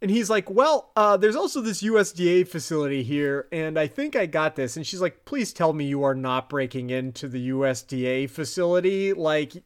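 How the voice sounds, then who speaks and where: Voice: mid-range voice, animated, moderate pace, few pauses, smooth. A podcast co-host in a casual chat, recapping a TV episode, laughing often and quoting the characters' lines. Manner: giggly, retells scenes by quoting characters.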